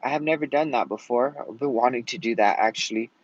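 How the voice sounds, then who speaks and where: A man's voice: mid-range voice, fast talker, no room sound. A man venting in a casual vlog rant, rambling and swearing often out of frustration. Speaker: vlogger. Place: at home in Colorado. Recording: dull lo-fi sound.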